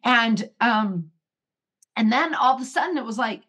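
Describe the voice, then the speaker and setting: A middle-aged woman with a husky, slightly breathy voice, telling stories as a guest in a relaxed interview. She acts out what people said with animated little voices. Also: on the high side, normal speed. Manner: animated storytelling, acts out quotes. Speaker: guest, retreat coach. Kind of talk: casual interview chat.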